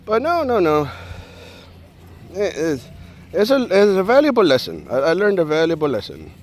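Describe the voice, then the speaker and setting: High, animated man telling a story. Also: moderate pace. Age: adult with a young daughter. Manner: animated and joking, acts out the people in his story. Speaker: vlogger. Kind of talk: casual storytelling to camera.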